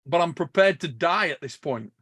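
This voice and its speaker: Bloke, pretty high voice, swearing n laughing thru a story, dry close sound. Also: male voice, moderate pace, husky, no room sound. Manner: animated, swears a lot, laughs while telling stories. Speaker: podcast host. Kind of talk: casual storytelling chat.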